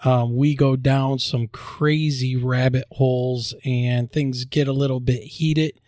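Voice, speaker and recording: A man hosting a podcast, joking around and spelling out web addresses slowly. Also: medium pitch, fairly even intonation, darkish tone, no echo, clean studio sound. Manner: upbeat, jokey promo delivery, spells out web addresses slowly. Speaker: podcast host. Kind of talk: casual podcast chat and announcements.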